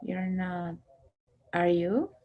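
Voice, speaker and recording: Woman, student, slow pace, hesitant, tries out answers. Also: on the low side, steady tone, narrow, tinny audio. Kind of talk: language lesson practice.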